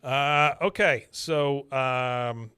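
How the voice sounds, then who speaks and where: A man's voice: medium pitch, very slow, pushed and bright, clean tone, no room sound, clean studio sound. A man hosting a podcast, recapping an episode in a chatty way, laughing and using many fillers. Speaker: podcast host.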